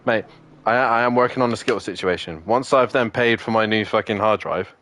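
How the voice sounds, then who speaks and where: Casual gaming chat: a young man with a low-ish, fairly bright voice talks briskly with friends while streaming a racing game. He swears nonstop and rants in frustration.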